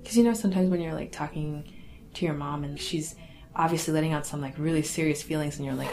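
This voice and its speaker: Young woman telling a family story, low-pitched. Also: darkish tone, faint music behind. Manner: casual, halting, lots of fillers and restarts; laughs wryly through awkward memories. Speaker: interviewee. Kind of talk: personal storytelling.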